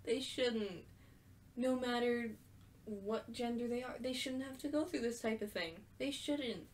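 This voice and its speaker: A woman's voice: on the high side, measured pace, slight background noise. A woman giving casual, emotional let's-play commentary on a story game. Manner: emotional, gushing, talks openly about being moved. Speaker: gaming video creator.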